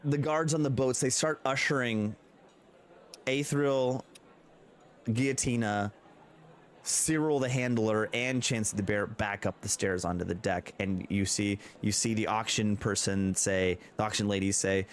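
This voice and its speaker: A man's voice: on the low side, unhurried. A man narrating as game master in a tabletop role-playing game, casual and sometimes searching for the right word.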